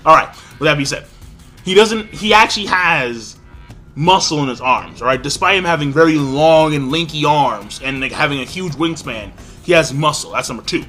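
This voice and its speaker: A man giving a casual, excitable spoken review, acting out characters' lines with big jumps in pitch. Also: normal speed, faint music behind. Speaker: anime reviewer.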